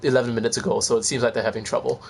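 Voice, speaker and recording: A man's voice: medium pitch, level tone, very fast, vocal fry. Chatty streamer man, faint hiss. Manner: rambling, chatty, self-deprecating. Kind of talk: casual gameplay commentary.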